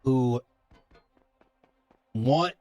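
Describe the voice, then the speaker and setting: A man's voice: medium pitch, drawn-out words, darkish tone, no echo, soft background music. A man playing a police officer in a roleplay game, talking in character in an earnest, lecturing way, stopping often with fillers.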